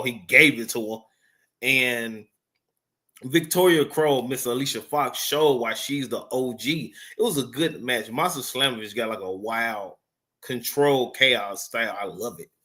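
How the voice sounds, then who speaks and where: Rambling man with a bright voice. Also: medium pitch. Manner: rambling, profane, filler-heavy. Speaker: wrestling show reviewer. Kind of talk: casual unscripted review.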